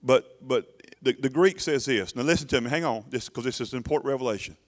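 A middle-aged pastor preaches a sermon in church, emphatic and urging, often restarting his words. His voice is mid-range and fast.

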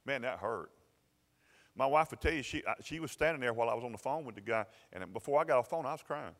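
A man's voice: medium pitch, lively intonation, fast talker. A middle-aged man with a Southern American accent telling a personal story in a sermon, folksy, stumbling over repeated words and chuckling often. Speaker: pastor. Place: church sanctuary. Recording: long reverb of a hall.

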